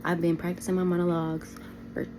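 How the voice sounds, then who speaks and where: A woman's voice: on the low side, level tone, quick pace. A young woman filming an upbeat, hopeful vlog to the camera. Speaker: vlogger. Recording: phone vlog clip with ambient noise.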